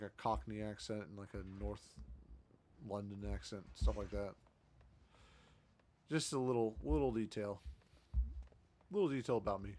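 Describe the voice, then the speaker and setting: A man's voice: fairly low pitch, a little mellow, a little hiss or hum. A man streamer giving casual, rambling gameplay commentary, talking to himself as he plays.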